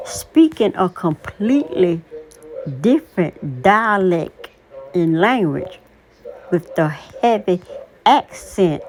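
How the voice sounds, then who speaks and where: Woman, 60s, casual vlog monologue, emphatic, opinionated, very slow. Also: fairly low pitch, darkish tone. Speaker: vlogger.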